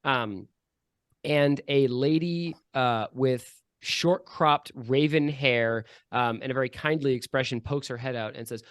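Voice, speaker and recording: A man narrating as game master of a tabletop game, in a relaxed way with many fillers. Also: medium pitch, measured pace, clean tone, no room sound, clean studio sound.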